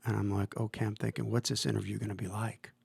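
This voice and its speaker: A man's voice: fairly low pitch, little pitch movement, fast talker, vocal fry, a little mellow, husky, no echo. A man in his fifties, a football coach hosting a podcast, telling long stories in a rambling way, with many fillers and restarts. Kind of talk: casual storytelling interview.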